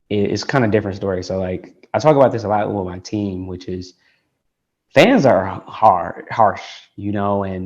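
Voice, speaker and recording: Man, low voice, founder from Detroit, rambling casual talk, muffled lo-fi call audio. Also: a little mellow. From Detroit, United States. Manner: rambling, heavy with "like" and restarts. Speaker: tech founder, guest.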